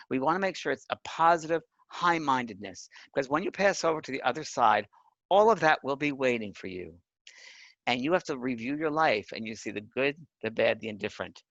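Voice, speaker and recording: Earnest man with a lively voice. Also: medium pitch, no room sound, muffled recording. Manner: earnest, emphatic, often asks the listener "right?". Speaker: psychic medium teaching a course. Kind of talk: spoken lesson.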